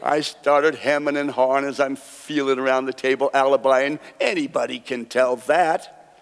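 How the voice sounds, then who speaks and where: A man's voice: medium pitch, fairly even intonation, moderate pace, smooth. A man performing card magic on a theater stage, telling folksy anecdotes and chuckling at his own punchlines. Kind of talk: live stage storytelling with card tricks. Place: theater stage before an audience. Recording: long hall reverb from a stage.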